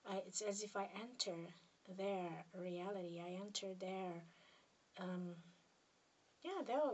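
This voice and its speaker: A woman from Serbia with a Serbian accent, a spiritual healer talking to camera in a hesitant, halting way that keeps dropping into soft near-whispers. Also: mid-range voice, far from the mic. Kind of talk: casual monologue to camera.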